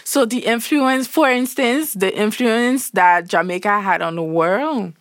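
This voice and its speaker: A woman's voice: fairly high pitch, a little slow, no room sound, studio quality. A woman from Saint Martin with a Saint Martin Caribbean accent, a guest explaining things in a casual interview, full of examples and restarts. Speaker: guest, platform founder.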